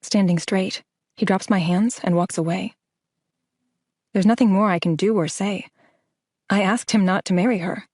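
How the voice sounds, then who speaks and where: A woman's voice: medium pitch, steady tone, moderate pace, pauses often, a little mellow, dry recording. A woman reading a first-person romance audiobook in an intimate, emotive way, close to the mic. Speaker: audiobook narrator. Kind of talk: scripted first-person narration.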